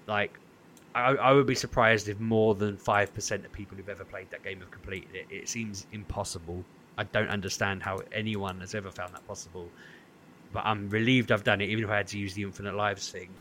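With a fairly low-pitched voice and a slightly fast delivery, this podcast co-host spins a long, casual story. He animates it by performing the voices in lots of quotes, and slight background noise can be heard.

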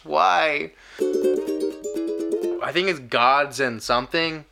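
A man's voice: on the high side, lively intonation, normal speed, music in the background. A man hosting a podcast in casual chat, musing through tangents and chuckling along. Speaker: podcast host.

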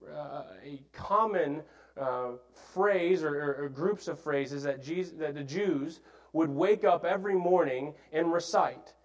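Man teaching a sermon, slightly high voice. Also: rough recording. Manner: earnest teaching with frequent fillers and restarts. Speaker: preacher.

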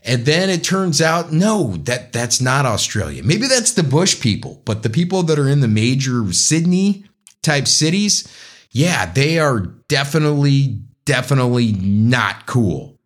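A man's voice: medium pitch, sing-song, measured pace. Man in a rambling talk monologue. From United States. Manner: rambling, talks straight to the listener, self-correcting. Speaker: podcast host. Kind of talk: casual political commentary monologue.

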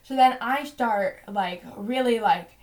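Young woman, podcast co-host, casual storyteller, slightly high voice, filler-heavy delivery. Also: slow, a little mellow. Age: 20s. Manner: chatty, heavy use of "like" and "you know".

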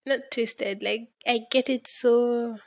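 A woman's voice: fairly high pitch, fairly even intonation, slow pace, creaky, no echo, clean studio sound. A young woman with a Kenyan accent hosting a casual solo podcast, rambling and dramatic, laughing often. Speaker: podcast host.

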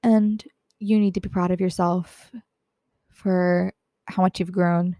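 A teenage girl talks earnestly and gently, tired and close to tears, with frequent self-conscious laughs. Her voice has a slight gravelly edge. It sounds dry and close, with no room around it. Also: on the low side, flat delivery, takes it slowly, no echo. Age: teens. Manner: earnest, self-deprecating, laughs often, soft-spoken. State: tired and teary. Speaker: podcast host. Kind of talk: personal reflective talk.

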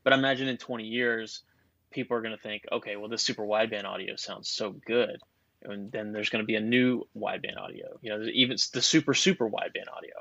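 A man's voice: lowish voice, steady tone, quick pace, vocal fry, bright, forceful tone, no room sound, lo-fi sound. A man on a podcast explaining phone networks in a rambling, casual way, full of fillers and restarts. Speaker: guest expert on cell networks.

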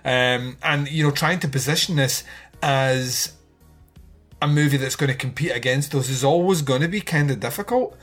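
A man's voice: mid-range voice, moderate pace, a bit bright, faint music behind. A man co-hosting a casual film podcast, rambling with lots of fillers and swearing, often laughing. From outside the United States. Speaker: podcast co-host. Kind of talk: casual film review chat.

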